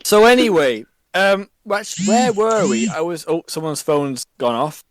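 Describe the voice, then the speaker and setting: A man's voice: sits high, animated, measured pace. A man chatting casually and rambling through asides on a podcast. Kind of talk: casual chat among friends.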